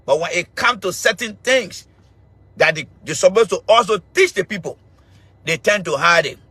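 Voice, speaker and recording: A man's voice: sits high, animated, normal speed, husky, no echo. A middle-aged man with a Liberian accent, hosting an online show with a loose, repetitive political monologue. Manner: mocking, laughing, shouting insults at a commenter.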